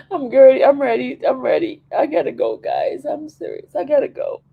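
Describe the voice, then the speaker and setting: A woman's voice: high-pitched, normal speed, vocal fry, lo-fi sound. A woman crying as she talks on a live video, emotional and repeating herself.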